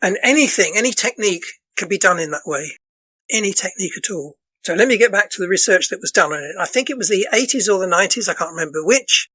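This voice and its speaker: Hoarse man explaining earnestly. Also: high voice, animated, fast talker, pushed and bright, no room sound, low-quality recording. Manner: earnest, explanatory, loops back and restarts phrases. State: voice going hoarse. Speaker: dance counsellor and guest. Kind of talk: casual podcast interview.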